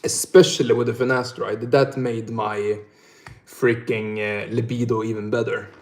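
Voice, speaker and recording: A man's voice: mid-range voice, flat delivery, moderate pace. A young man from northern Sweden with a Swedish accent, chatting casually on a livestream, swearing a lot and laughing often. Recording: roomy echo.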